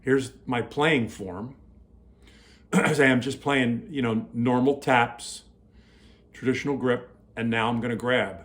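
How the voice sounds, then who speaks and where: A man teaching drum hand technique in a relaxed, repetitive way, demonstrating as he talks. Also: mid-range voice, takes it slowly. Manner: relaxed, repeats himself, talks while playing. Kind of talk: casual demonstration lesson. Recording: loud drumming behind the voice. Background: drum kit playing.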